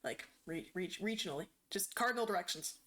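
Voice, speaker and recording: A woman's voice: medium pitch, animated, a little fast, fairly bright tone. A woman streamer chatting casually as she plays, rambling and hesitant with many ums.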